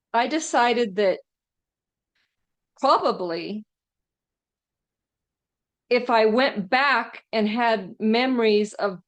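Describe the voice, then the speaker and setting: A woman with a fairly high voice reflects aloud to a talk group. She speaks slowly and hesitantly, in halting phrases. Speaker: group participant. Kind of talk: reflective sharing in a discussion group.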